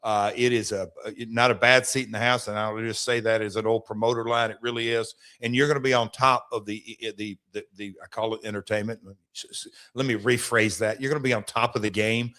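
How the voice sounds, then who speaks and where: A middle-aged man from Nashville, a wrestling promoter talking as a guest on a sports radio show, telling stories in lively promoter's patter with frequent restarts. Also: lowish voice, fairly quick. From Nashville, Tennessee. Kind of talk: radio sports talk interview.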